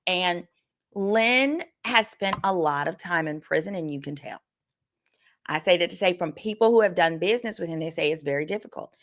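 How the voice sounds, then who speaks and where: A woman's voice: on the low side, a bit bright. A woman attorney hosting a casual livestream of legal commentary, talking candidly and reading viewer comments aloud. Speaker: attorney and host.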